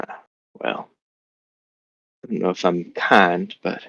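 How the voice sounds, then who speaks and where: Low, gravelly man playing politely. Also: slow pace, a bit bright, no room sound, dull audio. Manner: polite, formal. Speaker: player. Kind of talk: in-character role-play.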